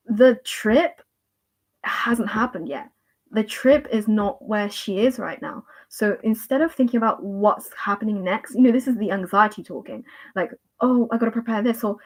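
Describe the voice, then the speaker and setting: A young woman doing a tarot reading on a livestream, talking casually and rambling with many fillers and repeated words in a gentle, reassuring way. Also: medium pitch.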